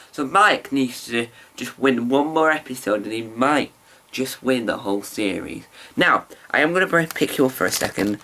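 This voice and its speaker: A man's voice: mid-range voice, a bit bright. A man chatting casually into his camera mic as he reviews a show, rambling with ums and restarts.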